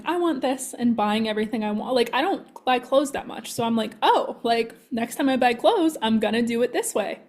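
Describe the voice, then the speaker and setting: A woman who works as a manifestation coach, telling an animated story in casual podcast chat and acting out her own thoughts. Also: a little high.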